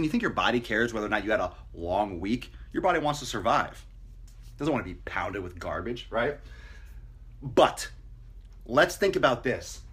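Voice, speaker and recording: A man's voice: medium pitch, a bit bright, husky. A man talking casually to camera as a fitness coach, blunt and profane, mocking people with put-on voices. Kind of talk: casual motivational talk to camera.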